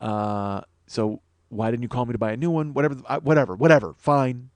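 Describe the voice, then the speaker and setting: A man's voice: mid-range voice, brisk, darkish tone, no room sound. A man hosting a podcast, telling a rambling comic story in an exasperated, profane, self-mocking way. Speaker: podcast host.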